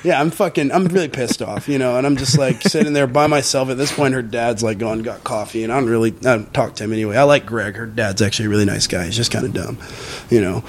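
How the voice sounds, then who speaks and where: A man, a podcast guest and musician, telling a personal story in casual conversation, full of fillers and swearing, and jumping into higher, louder voices when he quotes people. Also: fast talker, a little hiss or hum. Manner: animated retelling with frequent swearing and fillers.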